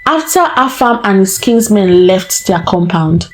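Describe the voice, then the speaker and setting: A woman storyteller narrating a folktale in a slow, deliberate way. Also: medium pitch, a little hiss or hum, rough recording.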